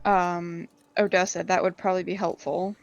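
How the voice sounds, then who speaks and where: A woman's voice: lowish voice, flat delivery, moderate pace, dull audio, faint music behind. A woman playing a tabletop game over a video call, hesitant and thinking aloud with many fillers. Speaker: player.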